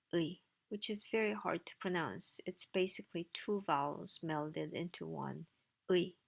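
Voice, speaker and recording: A woman's voice: lowish voice, gravelly. A woman teaching a language lesson, explaining slides in a casual way with dry asides. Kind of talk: recorded lecture with slides.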